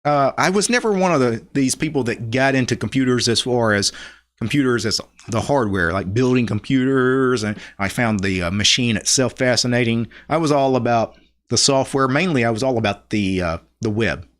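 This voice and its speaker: A man's voice: medium pitch, moderate pace. A middle-aged man from Louisiana with a Louisiana accent, hosting a casual live stream, chatting loosely, laughing often and reading viewer comments aloud.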